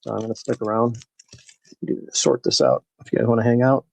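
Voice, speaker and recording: A man's voice: medium pitch, fairly even intonation, a little fast, no room sound, poor audio. A man hosting a live baseball card break, rambling casually and talking to viewers by name as he opens packs. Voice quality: gravelly, husky. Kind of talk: casual live-stream chat while opening packs.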